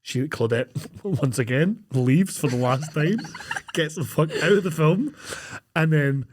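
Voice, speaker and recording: Guy on a podcast recapping a bad movie, bit high voice, laughing and swearing a lot. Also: a little slow, noisy background. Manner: laughing, sweary storytelling with acted-out quotes. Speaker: podcast co-host. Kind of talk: casual film recap chat.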